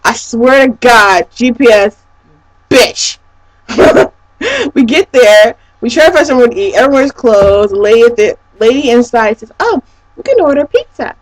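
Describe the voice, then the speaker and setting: A young woman vlogs about her weekend in a gushing, breathless way, dropping swear words as she goes. Her voice sits a touch high for a woman, and she piles one excited remark onto the next. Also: unhurried, no echo, rough recording. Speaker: vlogger. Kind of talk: excited personal storytelling.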